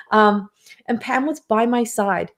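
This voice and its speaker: A woman's voice: medium pitch, normal speed. A woman hosting a live card reading, reading viewer comments aloud and speaking in an emotional, affirming way. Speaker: intuitive card reader hosting a live stream.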